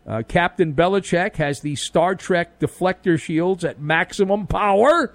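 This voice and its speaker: A man's voice: fairly high pitch, measured pace, hardly any pauses, no echo. Sports radio guy doing a late night rant, cracking jokes, voice bouncing all over, dry close studio sound. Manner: wisecracking, animated, punchy delivery with jokes and pop-culture riffs. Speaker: radio show host. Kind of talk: overnight sports talk radio monologue.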